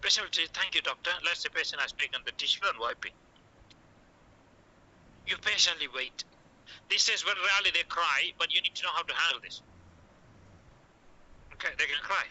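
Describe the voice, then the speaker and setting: A man's voice: a little high, normal speed, long pauses, bright, forceful tone, rough recording. A man teaching how to break bad news to patients. He talks in short coaching phrases, says "okay" again and again, and acts out the doctor's lines. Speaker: medical communication teacher. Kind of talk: classroom lecture.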